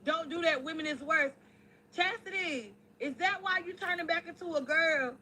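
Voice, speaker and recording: A woman ranting loudly and profanely to her camera. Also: very high voice, normal speed, poor audio. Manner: brash, loud and profane. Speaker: online creator.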